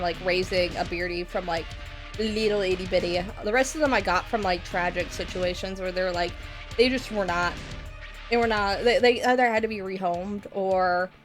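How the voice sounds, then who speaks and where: A woman's voice: medium pitch, steady tone, normal speed. A woman streamer chatting casually, rambling with lots of laughter and swearing. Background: metal music.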